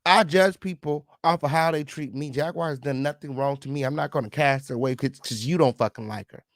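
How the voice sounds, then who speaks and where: A man's voice: a little high, a little fast, hardly any pauses, no room sound, studio quality. A man hosting a live stream, chatting casually with viewers and reading comments, sassy and heated, swearing freely.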